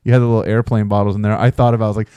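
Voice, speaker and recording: A man's voice: fairly low pitch, little pitch movement, racing, mellow, smooth, dry recording, highs cut off. A young man co-hosting a casual podcast, reading a sponsor spot in a jokey, rambling way. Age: young adult. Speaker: podcast co-host.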